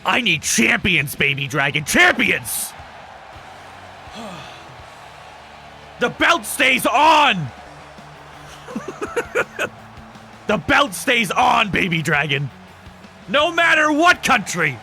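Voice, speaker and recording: A man putting on a bellowing voice as someone who demands champions, shouting slowly and emphatically. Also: very high-pitched, very animated, vocal fry, faint music behind, voice pushed up, exaggerated voice. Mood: demanding.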